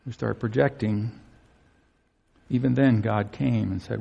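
A man preaching a sermon in an earnest, pleading way, swinging between soaring emphasis and hushed tenderness. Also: fairly low pitch, fairly even intonation, measured pace, vocal fry, breathy edge.

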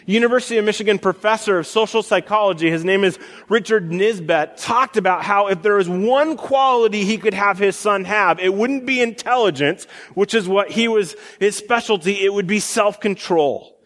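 A young male pastor preaches a sermon in a relaxed, conversational way, with fillers and false starts. His voice sits a little high for a man. It carries a long reverb, as if the sermon is being given in a church hall. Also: normal speed.

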